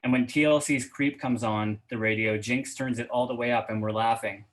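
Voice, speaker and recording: Male reader, mid-pitched, steady fiction reading, halting chat in between. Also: rough recording. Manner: steady first-person reading, hesitant with fillers when chatting. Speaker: guest reader. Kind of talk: reading fiction aloud at an online reading event.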